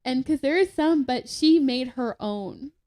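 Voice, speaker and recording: Young woman, podcast guest, a touch high-pitched, rambling casual storyteller. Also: measured pace, a little mellow. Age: young adult. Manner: chatty, laughing, many fillers and restarts.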